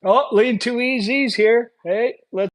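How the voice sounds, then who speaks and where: A man's voice: very high-pitched, unhurried, slight background noise. A man hosting a casual livestream, chatting to viewers as he unboxes a gift, effusive and laughing often. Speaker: livestream host.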